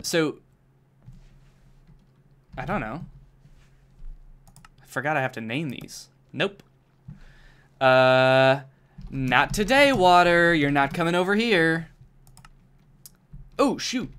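A man's voice: fairly high pitch, slow pace, pauses often, smooth. A young man streaming a game, chatting casually and jokily to himself and his viewers, with keyboard typing behind him. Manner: jokey, excitable, talks to himself and to chat.

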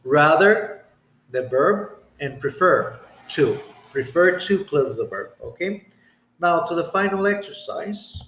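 A man teaching English grammar in a recorded lesson, reading example sentences slowly and checking in with "okay?". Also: on the high side, animated, a bit bright. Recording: echoey room.

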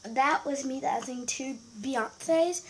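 A high-voiced woman talks casually to her viewers in a vlog intro. Her voice is a little scratchy, and she keeps apologizing and restarting her sentences as she chats along. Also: takes it slowly. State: scratchy voice with coughs. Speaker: vlogger.

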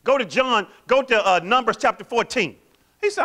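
Animated, high-voiced preaching man. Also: normal speed. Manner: animated, quizzes the congregation with call-and-response questions. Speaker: pastor. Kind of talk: sermon.

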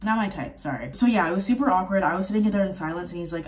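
A woman in her twenties telling a storytime in a casual travel vlog, animated and profane, full of fillers and a bit sick with a cough. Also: lowish voice, racing, recorded from a distance. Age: 20s. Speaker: vlogger.

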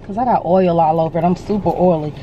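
A woman, chatting excitedly and emotionally in a casual vlog, filmed on a phone held in her hand. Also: lowish voice, quick pace, dull audio, a little hiss or hum. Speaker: vlogger. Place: store, then parked car.

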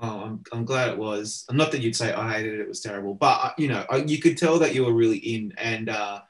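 A man's voice: medium pitch, brisk. A man hosts a casual interview over a remote call. He talks in a chatty, eager way, piling on praise before he asks his questions. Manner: chatty, enthusiastic, full of praise. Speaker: interviewer, entertainment editor.

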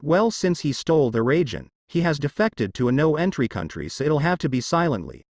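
An earnest young male ninja heir, read by a man speaks plainly and evenly in a storybook telling. The pitch swings freely, and the recording is dry and close. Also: big pitch swings, normal speed, no room sound.

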